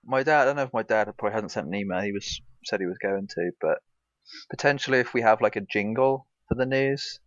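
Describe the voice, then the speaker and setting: Talking fast in a fairly low voice, this gaming podcast co-host rambles through casual, easygoing chat. There's no room sound, and the audio is dry and dull from a lo-fi mic.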